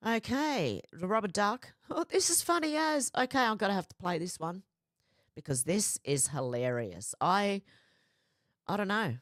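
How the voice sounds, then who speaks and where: A woman's voice: mid-range voice, big pitch swings, measured pace, dry recording, clean studio sound. A woman hosting a casual commentary vlog, chatty and repeatedly breaking into laughter. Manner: giggly, chatty, prone to laughing fits. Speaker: vlog host.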